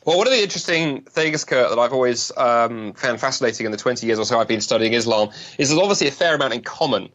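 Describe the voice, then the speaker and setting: A man from London with a British accent, talking as a guest on an interview show, quick and jokey with many restarts. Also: mid-range voice, lo-fi sound. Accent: British English. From London, England. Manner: fast, lively, joking, many restarts. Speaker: guest speaker. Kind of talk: podcast interview.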